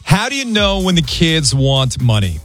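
Lively, joking male radio host. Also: a little high, moderate pace, soft background music. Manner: jokey, animated, laughs while talking. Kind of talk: morning radio call-in banter.

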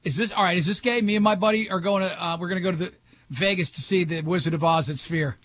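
A man's voice: high voice, fairly even intonation, fast, a bit bright, dry recording. An older man hosting a radio show, telling rambling, jokey stories in casual banter.

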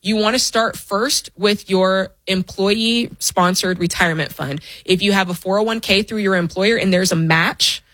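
A woman's voice: mid-range voice, a bit bright, no echo. A woman co-hosting a call-in finance show, talking upbeat and direct to listeners. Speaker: co-host.

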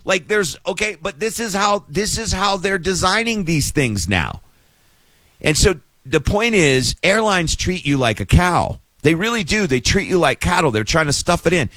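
A man's voice: high-pitched, animated, moderate pace, a bit bright, no room sound. A middle-aged man ranting with sarcastic exasperation in a casual monologue.

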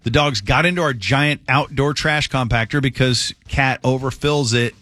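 Man, radio host, bright tone, dry studio sound, animated storytelling. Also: moderate pace, no echo. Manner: animated storyteller, shouts quoted lines in a high voice. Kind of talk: casual talk radio storytelling.

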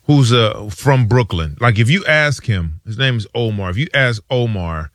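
A man's voice: mid-range voice, moderate pace, hardly any pauses, dry recording, clean studio sound. A man co-hosting a casual sports talk show, telling stories and acting out his friends' lines. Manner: animated storyteller, acts out friends' lines. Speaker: sports radio co-host.

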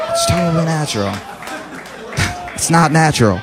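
A man performs stand-up on a club stage, his pitch slightly high and swinging widely as he slips into mock-preachy impressions. Audience laughter breaks in now and then. A faint hiss of noise sits behind him. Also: sing-song, a little fast, a crowd in the background. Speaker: stand-up comedian. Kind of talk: stand-up comedy set.

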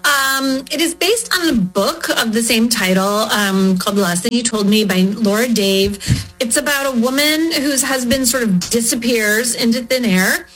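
Woman guest on a radio show, easygoing chat, voice a bit high. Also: moderate pace, rough recording. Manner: relaxed, loose, with fillers. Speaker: actress guest. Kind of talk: casual interview chat.

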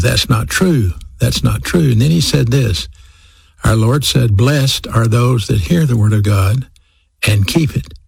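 A male preacher delivers a sermon in a strongly gravelly, husky voice. He lands each point slowly and deliberately, repeating key phrases to drive them home. The sound is dry and close. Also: mid-range voice, darkish tone, no room sound.

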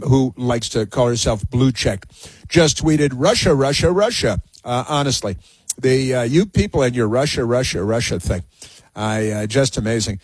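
A man's voice: medium pitch, breathy edge, no room sound. A man hosting a political talk radio show, sarcastic and scornful, with many filler sounds.

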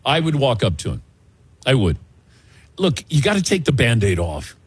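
A man's voice: mid-range voice, moderate pace, husky, dry recording. A man hosting a sports talk show, telling stories in casual banter and acting out other voices. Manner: lively storytelling, acts out voices. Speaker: radio show host.

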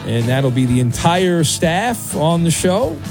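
A man's voice: on the high side, sing-song, slow, over music. A man hosting a live sports talk radio show, jokey and teasing, stretching words out for emphasis.

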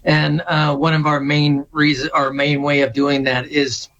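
A middle-aged man speaking as a veterans service officer on a radio interview, halting and full of fillers. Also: on the high side, monotone, a bit bright, lo-fi sound. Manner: halting, many fillers and restarts.

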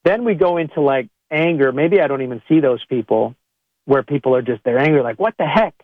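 A man's voice: medium pitch, a little fast, dry recording, phone-quality sound. A man, a chiropractor, speaking to podcast listeners in a conversational monologue and acting out what people say. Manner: conversational, acts out quoted people in a raised voice.

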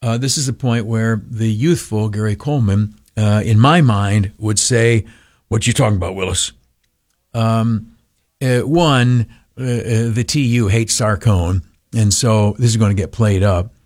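Rambling, indignant talk radio host. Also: male voice, lowish voice, a little slow, darkish tone, no room sound, studio quality. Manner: rambling, filler-heavy, blunt and indignant.

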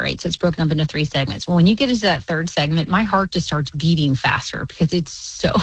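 A woman journalist guesting on a radio show, telling a story in an animated way with quick laughs. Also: on the low side, husky, no echo, rough recording. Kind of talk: casual radio interview.

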